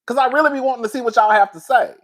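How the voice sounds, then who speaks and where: A woman talking casually to her viewers on a live stream, reading their comments and getting loud and excited when she is worked up. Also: very fast. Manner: animated, swings high and loud when worked up.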